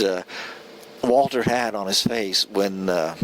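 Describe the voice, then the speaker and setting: A man's voice: medium pitch, moderate pace, a bit bright, slight background noise, low-quality recording. A man giving a casual spoken film review, earnest and rambling, often stumbling and restarting his sentences.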